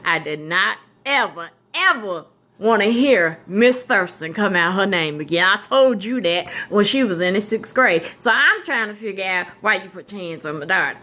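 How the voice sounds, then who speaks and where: A woman voicing a stern, protective father who speaks slowly and deliberately with heavy emphasis. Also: mid-range voice, expressive, sharp tone.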